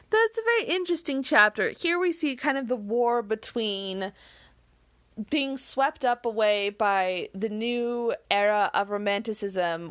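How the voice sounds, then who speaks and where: A woman's voice: mid-range voice, fairly bright tone, clean tone. A woman reading a novel aloud, then talking it over in a chatty way, thinking aloud with fillers. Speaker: reader and commentator. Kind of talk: casual commentary on a novel.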